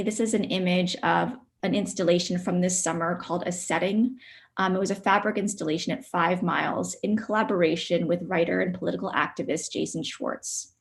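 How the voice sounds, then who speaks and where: A woman artist presenting her work on a video call, soft-spoken and reflective, with frequent ums. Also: on the low side. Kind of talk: virtual studio visit presentation.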